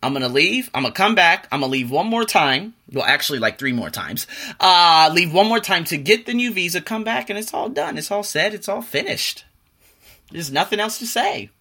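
Animated bright-voiced male podcast host. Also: sits high, moderate pace. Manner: emphatic, animated, motivational. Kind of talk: reading a self-help book aloud, then casual monologue.

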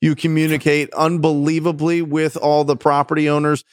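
A man's voice: on the high side, completely flat delivery, moderate pace, no room sound, studio quality. A man hosting an interview, enthusiastic and coaching, praising his guest and asking about his methods. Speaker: host interviewing a real estate wholesaler. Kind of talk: conversational interview.

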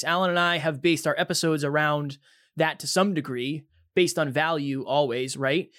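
A man with a fairly high voice hosts a podcast and puts questions to his guest with energy. The sound is dry and close. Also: a little fast, a bit bright, no echo. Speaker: podcast host and coach. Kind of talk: interview questions.

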